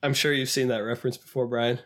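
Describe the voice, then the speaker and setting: A man co-hosting a podcast in casual chat, animated and sometimes quoting clips in a higher put-on voice. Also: quick pace. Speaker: podcast co-host.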